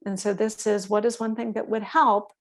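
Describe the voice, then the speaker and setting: A woman giving a calm, explanatory instructional talk to veterinary staff, often checking in with her listeners. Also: medium pitch, moderate pace. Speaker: workshop presenter for veterinary staff.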